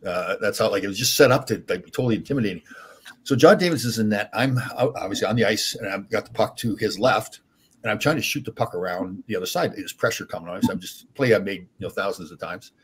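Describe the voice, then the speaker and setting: An older man, a former hockey player, telling animated stories as a podcast guest with many restarts. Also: lowish voice, quick pace. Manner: animated, rambling anecdotes with frequent restarts. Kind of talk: casual storytelling.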